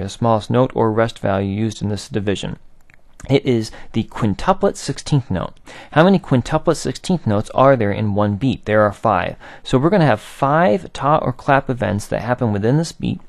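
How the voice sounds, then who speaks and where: Guy teaching music rhythms, gravelly voice, dry close sound, patient, chants ta ta ta. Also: mid-range voice, no room sound. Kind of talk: recorded aural theory lesson.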